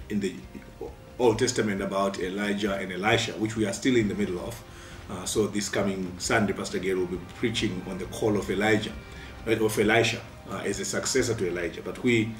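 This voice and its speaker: A man giving a midweek devotion as a pastor, earnest and steady, with frequent pauses. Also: fairly low pitch. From Zimbabwe. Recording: roomy sound from a distant mic, faint music.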